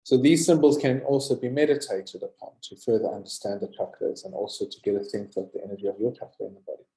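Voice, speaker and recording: A man teaching a recorded yoga lesson, slowly repeating Sanskrit terms and having listeners say them back. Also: mid-range voice, vocal fry, mellow, echoey room, poor audio. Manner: drills pronunciation, repeats words slowly and asks listeners to say them.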